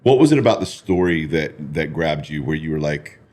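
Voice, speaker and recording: A man's voice: very deep voice, lively intonation, moderate pace, a little mellow. A man hosting a casual interview, encouraging his guest with frequent short affirmations. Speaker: podcast host.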